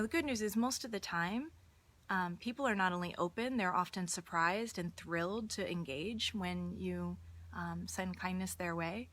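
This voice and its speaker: A woman hosting a live stream, giving an earnest, casual motivational talk and telling personal stories, often restarting her words. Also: medium pitch. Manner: earnest, warm-hearted, restarts words, storytelling.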